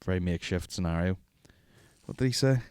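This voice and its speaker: A man's voice: deep voice, fairly quick, a little mellow, clear, resonant tone, dry recording. A man, hosting a podcast in rambling, profane, jokey casual chat. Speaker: podcast host.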